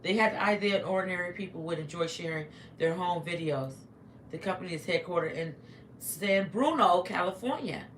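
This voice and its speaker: A woman's voice: fairly low pitch, animated, brisk. A middle-aged woman chatting casually on a livestream from home, talking to viewers while eating. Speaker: livestream vlogger. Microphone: phone. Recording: echoey room with faint noise.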